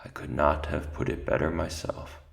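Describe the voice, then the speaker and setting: A man's voice: very deep voice, fairly even intonation, normal speed, vocal fry, full character voice. A man voicing a kindly elderly male abbot mouse who speaks with approval in a storybook reading. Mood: approving.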